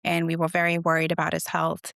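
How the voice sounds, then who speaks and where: Woman, middle-aged, low voice, gravelly fry, dry close sound, earnest storytelling. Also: completely flat delivery, fast talker, fairly bright tone, no room sound. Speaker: guest author. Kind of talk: conversational interview.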